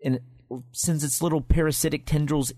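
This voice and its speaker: Fairly quick and on the high side, this male co-host of a tabletop game podcast talks casually through a monster's rules and stats. He's explanatory and lively, reading out game stats over a dry, clean studio recording.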